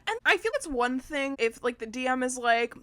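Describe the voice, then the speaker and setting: Chatty, laughing young woman, fairly high voice. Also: very animated, moderate pace, pushed and bright. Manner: rambling, filler-heavy storytelling with swearing and laughter. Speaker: podcast co-host. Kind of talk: casual chat.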